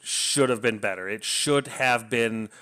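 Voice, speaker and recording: A man's voice: mid-range voice, unhurried, bright, forceful tone. Enthusiastic rambling man reviewing a book.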